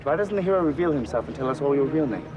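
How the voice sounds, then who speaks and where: An actor playing a cold, taunting young Roman emperor in a film, speaking in an imperious, sneering way. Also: male voice, mid-range voice, expressive, rapid-fire, highs cut off, natural voice. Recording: film clip with loud crowd noise.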